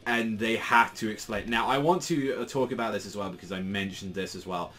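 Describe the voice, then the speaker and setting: A man's voice: on the low side, a little fast, fairly bright tone, faint music behind. A young man casually reacting to a comic, rambling, with constant "like"s and frequent swearing. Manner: rambling, heavy use of "like", swearing. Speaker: manga reviewer.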